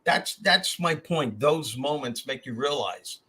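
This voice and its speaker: Older man, husky, heartfelt storyteller. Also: mid-range voice, animated, slow, sharp tone. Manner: heartfelt, repeats his words as he goes. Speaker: podcast host. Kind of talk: casual chat, personal storytelling.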